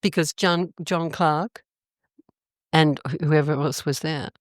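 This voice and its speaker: Low-voiced older Australian woman storyteller. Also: slow pace, no echo, studio quality. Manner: animated, expressive storyteller with sudden pitch jumps. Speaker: guest. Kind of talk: casual storytelling interview.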